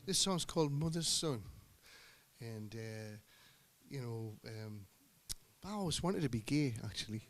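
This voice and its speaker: A middle-aged singer-guitarist telling rambling, joking stories between songs at a live gig. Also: male voice, medium pitch, expressive, unhurried. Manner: joking, anecdotal storyteller. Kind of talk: rambling stage banter. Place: live music venue on stage. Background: guitar music.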